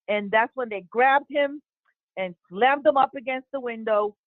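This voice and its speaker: A woman, an eyewitness, recounting an incident in an interview, halting with many fillers and restarts. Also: fairly high pitch, dry recording. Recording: tinny phone-line audio, dry.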